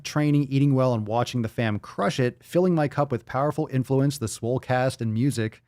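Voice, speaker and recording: A man's voice: mid-range voice, a little mellow, no room sound, clean studio sound. A man hosting a casual livestream podcast, reading viewer posts aloud in a loose, profane manner that swings between hype and mumbling. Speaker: podcast host.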